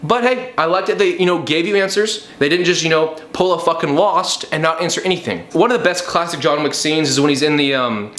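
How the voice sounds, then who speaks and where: A man's voice: fairly high pitch, fairly quick, hardly any pauses, a bit bright, roomy sound. A young man reviewing a movie in a sarcastic, profane comic rant, often slipping into mock voices.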